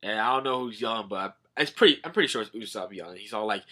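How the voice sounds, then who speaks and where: A man's voice: lowish voice, expressive, quick pace, hardly any pauses, sharp tone. A young man casually recapping a comic, rambling with "all like" quotes and swearing. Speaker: manga reviewer.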